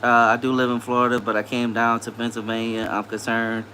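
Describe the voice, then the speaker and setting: Though his manner is laid-back and upbeat, this Louisiana livestream host delivers his words completely flat, at a fairly quick pace. He has a Southern accent and a mid-range, sharp-toned voice, reads viewers' comments aloud and greets them, and a little hiss or hum can be heard.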